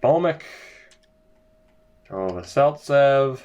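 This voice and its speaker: A man's voice: medium pitch, animated, extremely slow, darkish tone, dull audio. A young man giving sarcastic, exasperated commentary over a hockey video game as he plays. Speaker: gaming video creator. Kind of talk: let's-play commentary.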